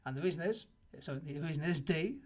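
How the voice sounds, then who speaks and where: A man's voice: fairly high pitch, lively intonation, fairly quick, darkish tone. A man teaching an economics revision lesson, walking through multiple choice answers in an explanatory manner and stressing the key points. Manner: explanatory, emphatic on key answers, occasional restarts.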